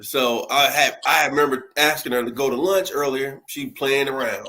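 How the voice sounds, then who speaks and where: A man's voice: mid-range voice, normal speed, few pauses, pushed and bright. A man co-hosting a casual podcast, easygoing and hesitant as he starts a story. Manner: easygoing, hesitant with fillers, laughs along. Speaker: guest co-host.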